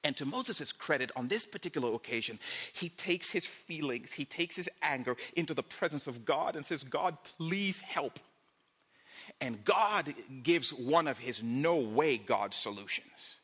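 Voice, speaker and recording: A man's voice: mid-range voice, lively intonation, normal speed, a bit bright, husky, big-room sound. A male pastor preaching a sermon in a conversational way, with fillers.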